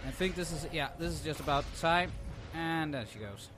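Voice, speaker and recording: A man's voice: on the high side, animated, normal speed, music in the background. A young man commenting casually on his own gameplay, sarcastic and ranting, swearing freely.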